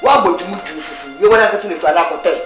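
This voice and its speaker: A woman with a Ghanaian Twi accent playing a mother who scolds her son in a lively, sing-song way. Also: lowish voice, rapid-fire, close to an everyday voice. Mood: scolding. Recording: film audio over loud music.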